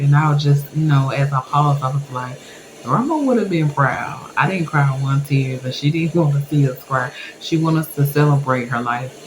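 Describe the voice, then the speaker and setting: A woman vlogger telling her viewers a personal story in a candid, emotional way, laughing through sad memories. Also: extremely low pitch. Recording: echoey room with background noise.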